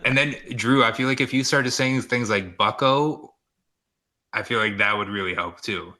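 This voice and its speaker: Bright-voiced joking man. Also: medium pitch, normal speed. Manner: joking, instructive banter. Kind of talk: casual chat.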